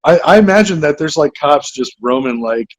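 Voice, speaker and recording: Man, comedy podcast co-host, husky voice, animated up-and-down pitch, quick jokey riffs. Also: no room sound. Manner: jokey, laughing, quick riffs in put-on drawls. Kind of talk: casual comedy podcast chat.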